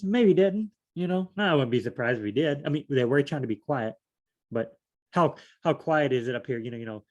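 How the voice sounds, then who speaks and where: A man with a mid-range, darkish voice leads a casual Bible study, rambling as he reads. He thinks aloud, asks himself questions, repeats phrases, and uses lots of fillers.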